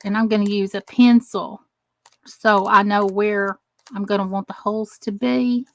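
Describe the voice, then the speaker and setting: On her crafting channel, this middle-aged woman from the United States runs a live tutorial, chatting away and welcoming viewers by name as her hands stay busy. Her mid-range voice is gravelly, and there's no room sound.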